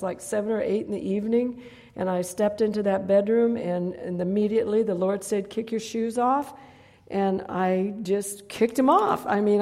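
A woman in her sixties preaching a sermon, telling stories with stammering restarts and swinging from loud exhortation to hushed recollection. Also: mid-range voice, long reverb tail. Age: 60s. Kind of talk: sermon with storytelling.

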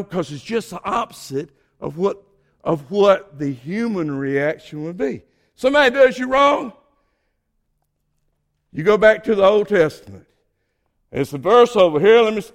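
High-voiced Southern preacher from Georgia. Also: male voice. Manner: emphatic preaching, swings between quiet asides and loud exhortation. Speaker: pastor. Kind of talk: sermon.

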